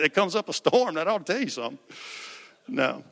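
A man preaching a conversational, animated sermon with jokes in a church. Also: high voice, fairly quick, big-room sound. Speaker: pastor. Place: church sanctuary.

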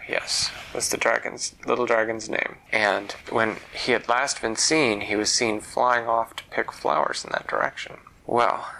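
A man's voice: fairly low pitch, gravelly, sharp tone, rough recording. A man telling a fantasy story aloud, leisurely and repeating words for effect. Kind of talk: oral storytelling.

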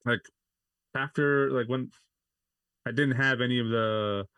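A man's voice: medium pitch, steady tone, a little slow, fairly bright tone, no echo. A man, likely in his thirties, as a podcast guest telling personal stories in a rambling way, with many "like" fillers and restarts. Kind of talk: casual interview storytelling.

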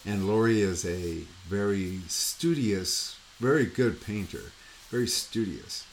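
A man with a lowish voice speaks slowly over slight background noise as he hosts a painting podcast. He's a painting coach telling a rambling anecdote in casual chat, full of "you know" and "like." He's animated, mimicking sounds and voices himself as the story unfolds.

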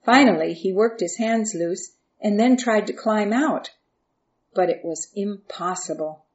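A woman reading a Bible story aloud in a calm, steady storytelling voice. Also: medium pitch, unhurried, muffled recording.

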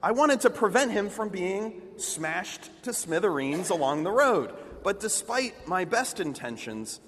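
A male preacher delivering a sermon with animated, expressive storytelling. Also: high voice, unhurried, in a large hall, a little hiss or hum.

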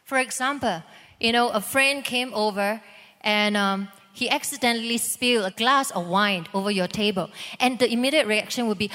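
Woman, pastor, calm explanatory sermon, slightly high voice, hall reverb. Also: moderate pace. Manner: calm, explanatory, reads scripture. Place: church hall. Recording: echoey church hall.

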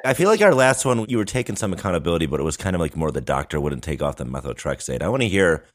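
A man's voice: low-pitched, sing-song, racing. A man hosting a podcast, teasing his guests with prodding questions. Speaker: podcast host. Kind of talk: casual podcast chat.

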